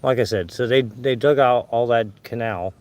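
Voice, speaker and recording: A man's voice: medium pitch, moderate pace. Winded older Southern man hunting fossils. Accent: Southern American. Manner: chatty, folksy, talking to viewers while searching. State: out of breath from climbing a hill. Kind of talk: casual live narration while hunting outdoors. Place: outdoors on a dirt hillside.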